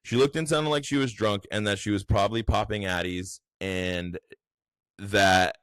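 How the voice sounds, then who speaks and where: A man's voice: on the low side, steady tone, moderate pace, a bit bright, clear, resonant tone, no room sound. A young man hosting a podcast, rambling and mocking in profane casual commentary. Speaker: podcast host.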